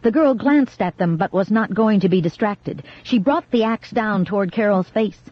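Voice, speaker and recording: An audiobook narrator giving steady, measured scripted horror narration. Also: medium pitch, dry recording. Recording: dull lo-fi dry recording.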